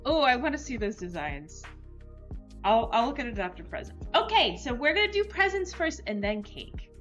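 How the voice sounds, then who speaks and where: Woman streamer, casual rambling chat, bright voice, muffled stream audio with faint music. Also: fairly high pitch, sing-song, normal speed. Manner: chatty, rambling, many "like" fillers; talks to her dog and chat viewers. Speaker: livestream host.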